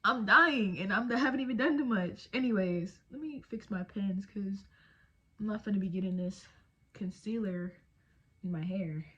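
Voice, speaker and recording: Chatty young woman from Texas, husky voice. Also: medium pitch, normal speed, pushed and bright, lo-fi sound. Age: 20s. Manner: chatty, slangy, jokey, with trailing fillers. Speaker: beauty vlogger. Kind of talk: casual chat while doing makeup. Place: home, indoors.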